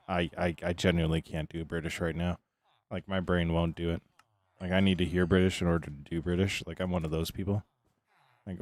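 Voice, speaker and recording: A man streaming live, chatting casually and greeting viewers by name, tired and relaxed. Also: low voice, a little fast, no room sound.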